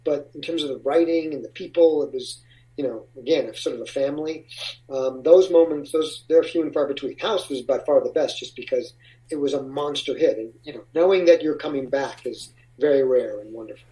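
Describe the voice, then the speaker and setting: A man's voice: medium pitch, brisk, warm tone, recorded from a distance, low-quality recording. A man being interviewed about his acting career, talking casually in rambling, restarting sentences. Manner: rambling, with frequent restarts and laughs. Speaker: actor, interview guest.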